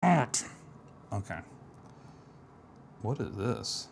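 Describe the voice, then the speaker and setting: A man's voice: on the low side, very animated, extremely slow, creaky, a little hiss or hum. A man casually thinking aloud while building an app, muttering to himself, trailing off and making self-deprecating remarks. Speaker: app developer streaming a live build.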